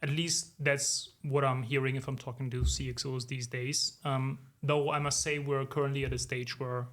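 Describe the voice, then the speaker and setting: A man in his forties, a consultant guest in a podcast interview, answering in a measured, reflective way with many "um"s and "if you will". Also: mid-range voice, level tone, fairly bright tone.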